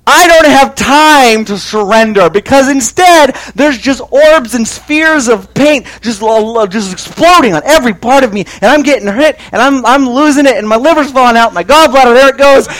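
High-voiced man telling a comic story. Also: normal speed, few pauses. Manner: animated, exaggerated comic delivery. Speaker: speaker telling a story to an audience.

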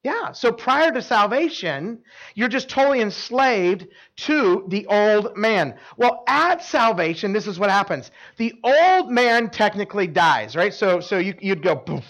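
A man delivers a sermon in a notably high voice, pulling volunteers up to act out his point. He talks in an animated way, doubling words and restarting sentences, and tosses quick asides to his listeners. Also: low-quality recording. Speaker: preacher. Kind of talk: sermon with live volunteer demonstration.

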